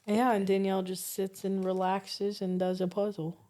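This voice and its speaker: A woman co-hosting a relaxed podcast, spinning animated family stories and breaking into laughter as she goes. She swears freely and talks at an ordinary, mid-pitched level. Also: moderate pace. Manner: swears casually. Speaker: podcast co-host. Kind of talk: casual storytelling chat.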